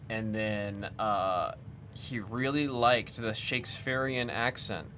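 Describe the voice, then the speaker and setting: A man hosts a trading card break livestream, chatting casually and reading off lists while working his computer. His voice is lowish with a fairly bright tone, and there is slight background noise.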